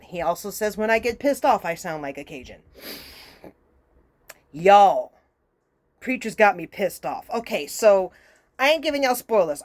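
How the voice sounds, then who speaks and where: A woman speaks from a middle-height voice in a casual, unscripted monologue. She is exasperated and fired up, swearing freely as she rants to her viewers. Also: mid-range voice. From Louisiana. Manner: exasperated, profane, fired-up ranting. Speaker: host.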